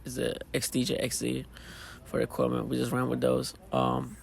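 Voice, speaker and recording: A hoarse man with a gravelly, low-energy voice talks loosely about running a show. His delivery stays flat and tired, full of fillers. Faint event noise sits behind him. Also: moderate pace. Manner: tired, laid-back, rambling with fillers. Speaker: DJ and show organizer. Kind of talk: casual post-show interview. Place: at a live event venue after a show.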